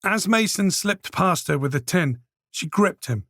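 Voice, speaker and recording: Gravelly, lively male audiobook narrator. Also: sits high, dry recording, studio quality. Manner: measured storytelling. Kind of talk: scripted narration.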